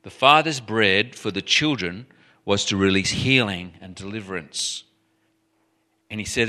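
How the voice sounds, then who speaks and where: A man preaching a sermon in an animated, emphatic way, often restarting his sentences. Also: lowish voice, measured pace.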